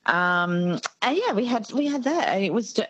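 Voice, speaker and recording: A woman's voice: medium pitch, big pitch swings, moderate pace, fairly bright tone, husky, no room sound, highs cut off. A woman from Australia co-hosting a radio show, bubbly and given to going off on tangents. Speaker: radio co-host. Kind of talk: casual radio chat. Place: radio studio.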